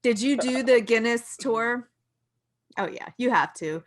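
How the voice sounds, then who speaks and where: Slow, lively high-voiced woman. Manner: expressive, laughs often. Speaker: podcast co-host. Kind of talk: casual chat.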